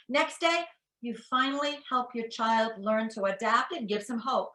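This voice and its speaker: A woman in her sixties giving an animated talk to parents as a psychologist, acting out quotes as she tells stories. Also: a little high, normal speed, echoey room, rough recording. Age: 60s. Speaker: educational psychologist speaker.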